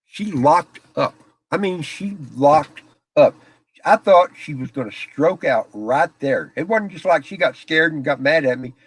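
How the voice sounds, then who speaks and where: A man's voice: on the high side, lively intonation, unhurried, breathy edge, no room sound. A middle-aged man hosting a casual live stream from a small office, chatting with viewers and telling stories, often laughing. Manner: folksy storyteller, laughs often.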